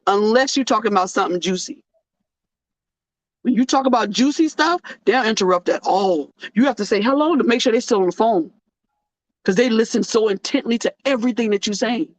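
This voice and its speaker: A woman hosts her own show, delivering a casual, preachy monologue in an animated, joking way with a sermon-like cadence. Her voice is fairly high and brisk, and the recording sounds dull, lo-fi and dry.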